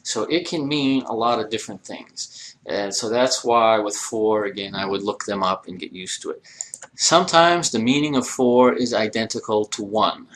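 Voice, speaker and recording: A man's voice: fairly low pitch, moderate pace, a little hiss or hum. A man teaching a recorded lesson, explaining step by step and asking rhetorical questions as he goes. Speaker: Arabic teacher. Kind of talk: recorded lecture.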